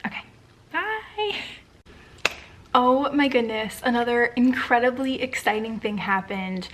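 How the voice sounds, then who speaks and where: A woman talking casually in a personal vlog at home at bedtime, gushing with excitement and gratitude, sometimes dropping into soft near-whispers. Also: on the high side, moderate pace, slight background noise. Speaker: vlogger.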